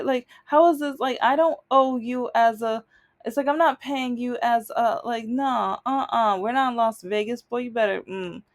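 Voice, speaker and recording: Higher-voiced woman telling a rambling story. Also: darkish tone. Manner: rambling, emphatic, trails off and restarts. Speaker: vlogger. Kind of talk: casual storytelling monologue.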